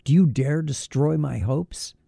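A man voicing a wretched, bitter male creature made by a scientist, speaking in a slow, heavy, menacing way in an audiobook reading. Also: a little high, gravelly, dark tone, breathy edge, no echo, studio quality, exaggerated voice. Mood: accusing.

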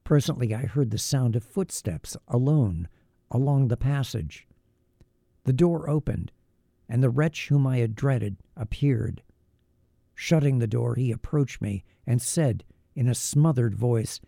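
A man narrating a novel in first person, with a measured, grave, literary reading. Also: medium pitch, creaky, mellow, dry recording, studio quality. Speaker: audiobook narrator.

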